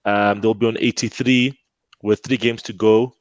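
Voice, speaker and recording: A man's voice: on the low side, normal speed, no echo. A man on a football podcast chatting casually, repeating words as he thinks. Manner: excitable, repeats words when excited. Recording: dull lo-fi call audio, dry.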